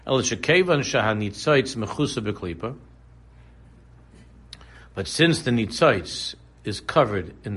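His voice sits at medium pitch with a fairly bright tone and a breathy edge. The man, a Torah teacher, keeps his religious class casual, talking loosely, repeating phrases, and slipping into comic examples.

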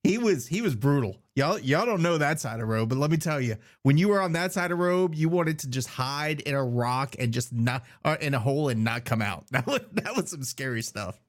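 A man's voice: mid-range voice, lively intonation, a little fast, hardly any pauses. A man speaking bluntly and emphatically in a casual postgame podcast chat.

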